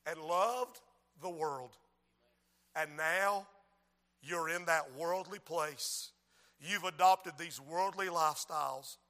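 A male pastor preaching a sermon in a church, moving between quiet lines and shouted appeals. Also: fairly high pitch. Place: church sanctuary.

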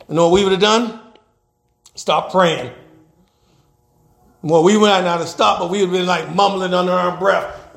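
Gravelly high-voiced preacher in an echoey church. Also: male voice, normal speed. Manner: preaches with sudden swings between loud and hushed; laughs while preaching, acts out quoted voices. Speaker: pastor. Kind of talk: sermon.

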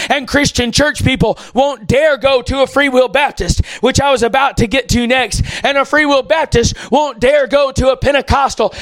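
A man preaching an impassioned sermon, often rising into shouts. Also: very high-pitched, dry recording.

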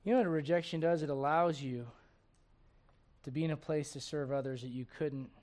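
A middle-aged pastor delivers his sermon in a folksy, animated manner, his voice sitting a touch higher than most men's. He swings from quiet, confiding stretches to lively acted-out asides. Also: brisk.

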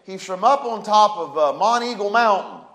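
A man's voice: high voice, animated, normal speed, fairly bright tone, rough recording. A man, a pastor preaching a sermon to his church, building emphasis and calling for responses. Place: church sanctuary.

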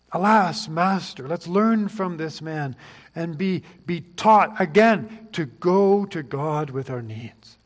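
A man preaching a sermon, earnest and pleading, building to fervent questions. His voice sits a little high for a man. It rings out with a long hall reverb behind it.

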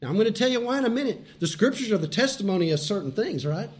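Male pastor, high voice, sermon, emphatic repetition, swings from lively to hushed. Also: rapid-fire, slightly rough. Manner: animated preaching with laughs and sudden drops to quiet intensity; repeats phrases for emphasis.

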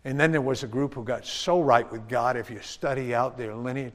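A middle-aged man preaching a sermon as a pastor, telling animated stories that swing into shouts and laughs. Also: mid-range voice, a little fast, hardly any pauses. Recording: long church reverb.

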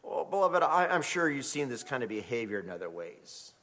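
A middle-aged man preaching a sermon as a pastor, telling stories in an animated way. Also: medium pitch, fairly quick. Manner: animated storytelling, acts out quoted voices. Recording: long hall reverb.

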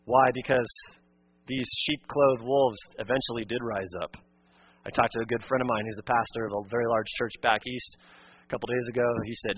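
A man's voice: mid-range voice, steady tone, brisk, slightly rough, no echo, highs cut off. A male pastor preaching a sermon in an earnest, emphatic way, repeating his key points.

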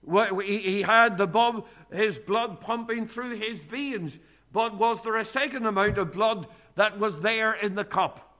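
A man's voice: sits high, a little slow, pushed and bright. A middle-aged man preaching a sermon, earnest, with frequent hesitations and rising emphasis on key points.

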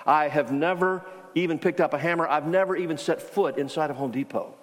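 A man's voice: a little high, brisk, close to an everyday voice. A man voicing a frustrated, bewildered new worker who pleads with rising exasperation. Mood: exasperated. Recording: long hall reverb.

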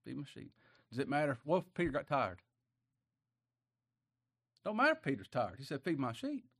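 A man preaching a sermon in a folksy, emotional way, dropping quiet and then rising loud. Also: fairly high pitch, wildly swooping pitch, normal speed.

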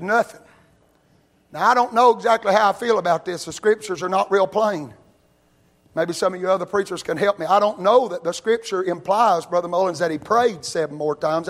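A man preaching a sermon, telling Bible stories in a folksy way and rising to loud, shouted peaks. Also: high voice. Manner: builds from quiet storytelling to loud shouting.

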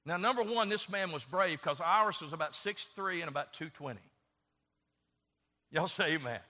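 A man's voice: fairly high pitch, expressive, normal speed, bright, forceful tone. A man preaching a sermon, telling a story with fervent, emphatic delivery and acted-out dialogue. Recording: long reverb of a large hall.

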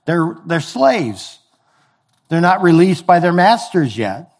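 A man's voice: fairly high pitch, very animated, slow. A man preaching a sermon in a conversational way, explaining scripture with everyday examples. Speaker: pastor.

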